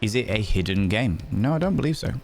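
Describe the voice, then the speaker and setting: Yorkshire male streamer, low register, cheeky banter with chat, soft music bed. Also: expressive, quick pace, creaky. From England. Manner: playful, teasing, greets viewers as cheeky devils. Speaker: livestream host. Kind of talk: casual chat reading viewer messages.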